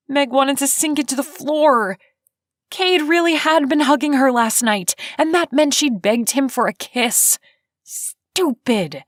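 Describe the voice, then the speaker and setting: A woman narrating a romance audiobook in measured, even storytelling. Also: on the high side, dry recording, clean studio sound. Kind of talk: scripted narration.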